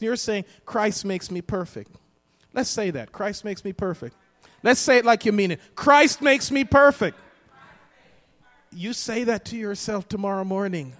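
High-voiced preacher in a reverberant hall. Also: male voice. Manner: emphatic, repeats lines for the congregation to echo. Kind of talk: sermon.

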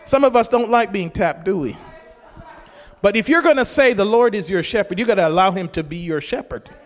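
A man with a high voice preaches a sermon in a church hall. He swings from steady teaching up into shouted calls for the congregation to join in. A long reverb trails behind every phrase. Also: a little fast. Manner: rises into shouts to urge the congregation.

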